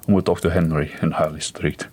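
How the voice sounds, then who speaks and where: A man's voice: rumbling low, flat delivery, a little fast, a little mellow, breathy edge. A man voicing a shaken male war veteran with shell shock in a read-aloud story, speaking in an eager, earnest way.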